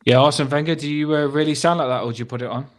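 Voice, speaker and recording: A man's voice: on the high side, fairly even intonation, rapid-fire. A man hosting a casual fan podcast, laughing and teasing his co-host.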